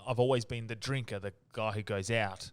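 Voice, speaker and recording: A man's voice: on the low side, fairly even intonation, brisk, clear, resonant tone. A man, hosting a casual podcast chat, swearing often and laughing. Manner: sweary, laughs, jumps into loud impressions of friends. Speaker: podcast host.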